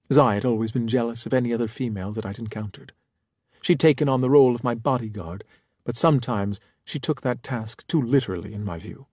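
A man's voice: mid-range voice, brisk, a little mellow, husky, dry recording. Man narrating an audiobook, dry and close. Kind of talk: scripted first-person narration.

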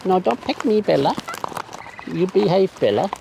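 A man's voice: high voice, animated, normal speed, gravelly. An Australian man outdoors, coaxing and playfully teasing wild birds in a casual, sing-song way. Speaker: bird feeder filming wild birds. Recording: noisy outdoor recording with birds. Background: bird calls and outdoor sounds.

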